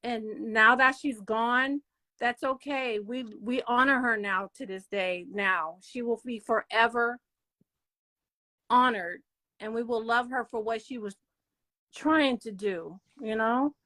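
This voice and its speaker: Slow, halting woman talking from the heart. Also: on the high side, bright, forceful tone. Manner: halting, repetitive, many fillers. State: emotional. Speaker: channel host. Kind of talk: emotional personal monologue.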